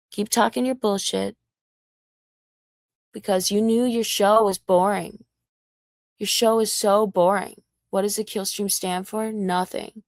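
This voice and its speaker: A woman talks slowly into a dry, close mic, her low-set voice full of gravelly fry. She rants casually on a livestream in a mocking, taunting manner and swears freely. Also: steady tone, no room sound. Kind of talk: casual ranting livestream monologue.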